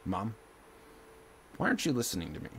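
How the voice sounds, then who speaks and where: A man streaming, ranting at the camera, agitated and swearing, swinging between loud outbursts and low muttering. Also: huge pitch swings, fairly quick, a little hiss or hum.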